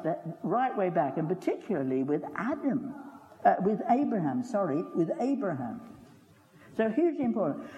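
A man's voice: sits high, dark tone, muffled recording. An older man preaching a sermon in a folksy, chatty way, full of asides and rhetorical questions. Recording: long reverb of a hall.

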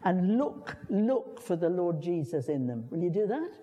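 With warm tone, big pitch swings and a measured pace, an older preacher gives a chatty church sermon. He repeats words and asks the congregation questions. The recording is muffled, with long church reverb.

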